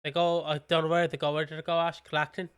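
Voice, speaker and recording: Smooth-voiced British man, rambling. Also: on the high side, flat delivery, fast talker, a bit bright. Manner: rambling, with many fillers. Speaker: podcast co-host. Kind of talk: casual chat recapping a soap.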